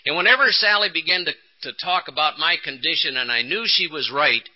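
A man giving a personal recovery testimony at a conference, telling his story with rising emphasis and dramatic pauses. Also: on the high side, lively intonation. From Texas. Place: conference hall. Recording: dull lo-fi 1980s tape.

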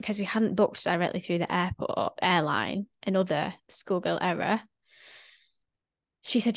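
A woman's voice: on the low side, moderate pace, vocal fry, no room sound, clean studio sound. A woman chatting casually on a podcast, telling a travel story and acting out the people in it. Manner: animated storyteller, acts out quoted voices. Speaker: podcast guest. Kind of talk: casual chat.

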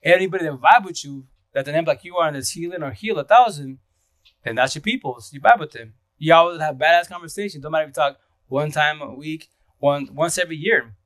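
Casual livestream host, male, rambling and slangy, quick delivery with frequent laughs. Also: on the high side, a bit bright, no echo. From Eastern Washington, USA. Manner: rambling, slangy, laughs often, greets viewers.

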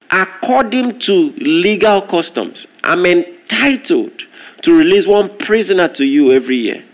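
A man preaching a sermon, telling a story with lively, animated delivery and acting out the voices in it. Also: on the high side.

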